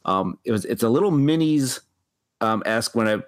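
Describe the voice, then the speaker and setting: A man's voice: mid-range voice, animated, moderate pace. A man co-hosting a casual board game chat, often stumbling over and repeating his words and breaking into laughter. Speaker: board game podcast co-host.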